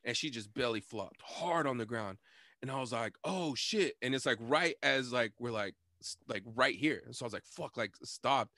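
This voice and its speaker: A man's voice: medium pitch, fairly quick, bright, forceful tone, no room sound, studio quality. A young man hosting a podcast, telling a story in a casual, rambling, profane way and laughing often. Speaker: podcast host.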